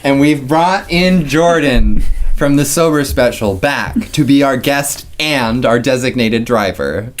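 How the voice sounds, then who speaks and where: A man co-hosting a casual podcast, easygoing and quick to laugh, often trailing off into fillers. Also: medium pitch. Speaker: podcast co-host.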